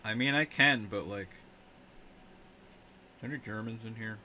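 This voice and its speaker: Young man, streamer, lowish voice, sarcastic rambling chat, noisy room audio. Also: moderate pace, sharp tone. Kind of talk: casual live-stream chat.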